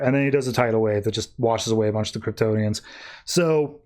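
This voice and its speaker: A man hosting a podcast, giving a casual, animated recap of a comic book and acting out the characters in quick voices. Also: on the low side. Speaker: podcast host.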